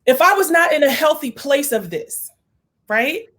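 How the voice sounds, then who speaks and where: A woman's voice: high voice, expressive, a little slow, fairly bright tone. A woman hosting a heartfelt conversation, speaking earnestly and with emotion, slipping into prayerful pleading. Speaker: host.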